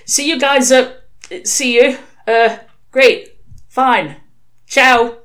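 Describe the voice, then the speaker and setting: A woman's voice: fairly even intonation, drawn-out words, a bit bright, full character voice. A woman voicing a nervous male demon who babbles and tries to please, in a storybook reading. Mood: babbling. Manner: babbling, high-strung.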